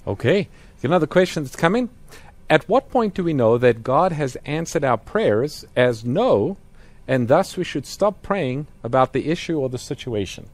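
A man's voice: on the high side, big pitch swings, normal speed. A man co-hosting a Bible question show, reading listener questions and adding scripture. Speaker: co-host. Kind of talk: Bible question and answer talk.

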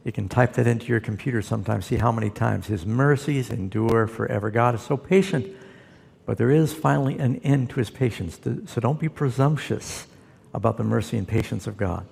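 Gravelly pastor in an echoing hall. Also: male voice, medium pitch, brisk, a little mellow. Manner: folksy storytelling, quotes scripture. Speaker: pastor answering Bible questions. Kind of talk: conversational Bible Q&A.

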